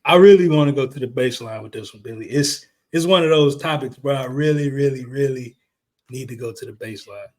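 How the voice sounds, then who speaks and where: A man co-hosting a casual sports podcast, talking in a profane, heated, emphatic way, his voice a little hoarse. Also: medium pitch, brisk, a little mellow. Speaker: podcast co-host. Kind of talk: casual sports chat and rant.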